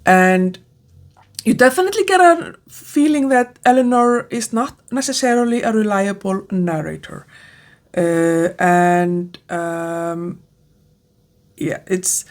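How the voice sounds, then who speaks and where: A woman's voice: mid-range voice, slow pace. A woman with a non-native English accent giving a casual book review, hesitant with many fillers and restarts. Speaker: book vlogger.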